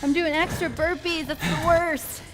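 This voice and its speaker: A woman's voice: high-pitched, fairly even intonation, unhurried, long reverb tail, soft background music. A woman leading a follow-along home workout, giving encouraging step-by-step cues. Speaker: fitness instructor.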